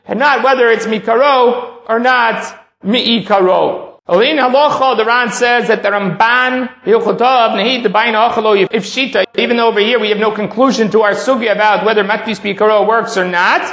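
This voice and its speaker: A man's voice: sits high, fairly even intonation, moderate pace, fairly bright tone. A man teaching a text-study class, reading a passage aloud and then explaining it step by step. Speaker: Talmud teacher. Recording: echoey room.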